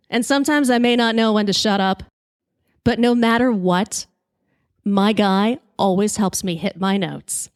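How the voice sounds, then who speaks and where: A woman podcast host telling a comic story in a lively, brash way, swearing freely. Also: medium pitch, clear, resonant tone, no room sound, clean studio sound.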